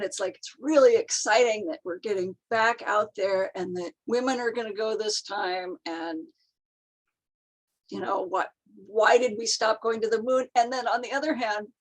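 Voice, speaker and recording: A woman's voice: fairly high pitch, moderate pace. Thoughtful woman author guest. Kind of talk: casual chat.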